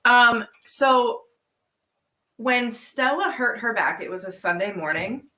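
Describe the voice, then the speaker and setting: A woman co-hosting a casual livestream Q&A from her farm, telling stories in a chatty, animated way. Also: on the high side, takes it slowly, reverberant, rough recording. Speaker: farm co-owner and livestream host.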